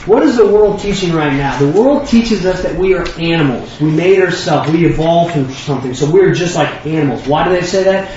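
A man preaching a sermon in an animated, emphatic, folksy way. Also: sits high. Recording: echoey room, distant mic, dull lo-fi, faint hiss.

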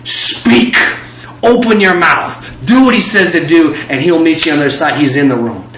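A man with a high voice preaches a fervent sermon, piling up repeated phrases. He sounds like he is in a reverberant room. The recording is dull and muffled. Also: fairly quick, fairly bright tone, slight background noise. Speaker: pastor.

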